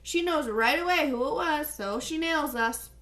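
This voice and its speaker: A woman reading an audiobook, voicing a cocky teenage boy soccer star who mocks and brags loudly. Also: high-pitched, moderate pace, pitched above the performer's own voice. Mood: scornful. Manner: brash, mocking, loud.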